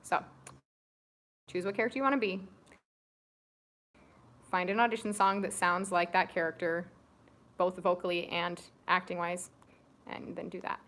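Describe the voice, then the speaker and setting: Her voice is on the lower side, fairly bright, and steady in tone as she speaks at a normal speed with long pauses. She's a young woman co-hosting a family livestream, chatting with viewers and giving audition tips.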